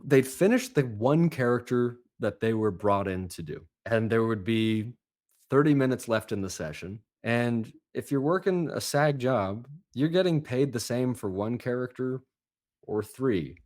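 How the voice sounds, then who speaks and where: A man who coaches accents, chatting as a podcast guest and telling lively, animated stories. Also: mid-range voice, unhurried. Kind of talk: casual podcast chat.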